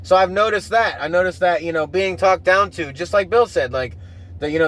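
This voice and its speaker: High-voiced man ranting casually. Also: a little fast, a bit bright. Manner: profane, rambling, with frequent restarts. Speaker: podcast host. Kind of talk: casual rambling monologue.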